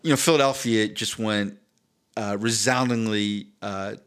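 A man co-hosting a podcast in casual chat, animated and profane, stumbling over his words and slipping into jokey accents. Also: on the low side, measured pace, clean tone. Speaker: podcast co-host.

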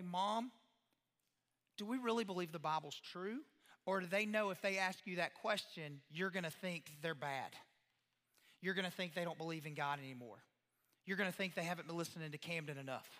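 A pastor delivers an animated, sermon-style talk to parents in a large hall, acting out quoted voices and posing questions to the audience. His voice is high-pitched.

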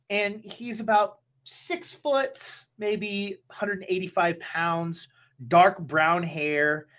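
Slow, halting woman game master. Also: mid-range voice, a bit bright. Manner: halting, many restarts. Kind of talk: narrating a tabletop game.

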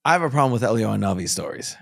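A man co-hosting a podcast in a relaxed, chatty way who restarts his sentences while working toward a point. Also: fairly low pitch, very fast, gravelly, no room sound, studio quality. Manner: easygoing, hesitant restarts when making a point. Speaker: podcast co-host. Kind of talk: casual chat. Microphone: studio mic.

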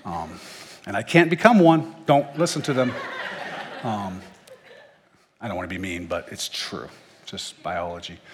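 Husky man teaching scripture in a hall. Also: mid-range voice. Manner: conversational, joking asides. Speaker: Bible teacher. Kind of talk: casual Bible teaching.

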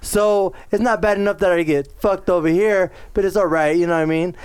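A man's voice: sits high, brisk, clear, resonant tone, dry recording. A man co-hosting a podcast, telling a crude story in casual chat and acting out the people in it. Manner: animated, swearing storyteller acting out quotes. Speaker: podcast co-host.

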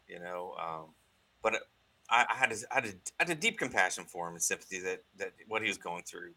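Earnest man with a bright, low voice. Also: animated, poor audio. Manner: earnest, halting, many restarts. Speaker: guest. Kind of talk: telling a personal story in an interview.

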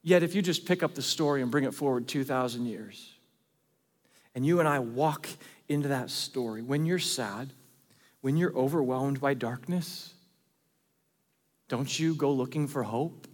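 A man preaching a sermon as pastor, earnest, shifting between loud emphasis and hushed asides. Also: mid-range voice, measured pace, pauses often. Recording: long reverb of a large hall.

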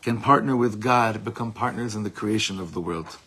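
A man giving an informal Torah class, telling stories with animated delivery. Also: on the low side, normal speed, a little hiss or hum. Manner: animated storytelling, acts out shouted quotes. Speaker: Torah teacher.

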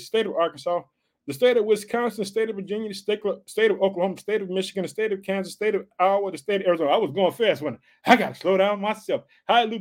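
A man preaching an excited podcast sermon, repeating catchphrases and reading scripture aloud. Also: on the high side.

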